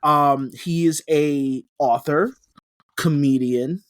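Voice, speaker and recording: A man's voice: fairly high pitch, steady tone, slow pace, no room sound. Rambling man with a dry, close sound. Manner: rambling, restarts, laughs often. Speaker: podcast co-host. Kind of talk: casual chat.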